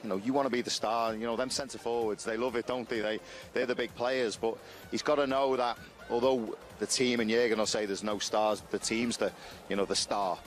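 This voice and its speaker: A man's voice: mid-range voice, fairly even intonation, brisk, hardly any pauses, soft background music. A man, chatting casually as a football pundit, peppered with "you know".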